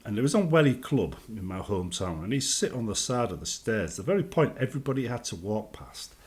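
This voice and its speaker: A man's voice: lowish voice, very animated, a little fast, a little mellow. A British man giving casual advice on a gaming vlog, chatty and acting out everyday greetings. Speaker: gaming vlogger.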